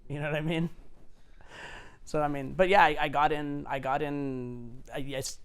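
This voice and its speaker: A man's voice: fairly high pitch, level tone, moderate pace, clean tone. A man in his forties, a dating coach, telling stories casually, loose and profane with many fillers. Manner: swearing, filler-heavy, anecdotal. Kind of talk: casual storytelling.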